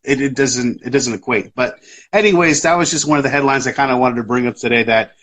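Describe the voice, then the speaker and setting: A man's voice: medium pitch, quick pace, a bit bright. A man hosting a live podcast in casual chat, rambling with lots of fillers and restarts. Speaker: podcast host.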